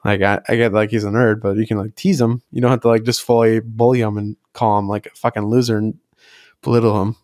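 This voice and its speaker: A man's voice: lowish voice, flat delivery, quick pace, darkish tone, dry recording, clean studio sound. A young man co-hosting a podcast, telling rambling stories full of "like" and swearing freely. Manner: rambling storyteller, heavy filler "like", swears freely. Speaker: podcast co-host. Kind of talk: casual chat.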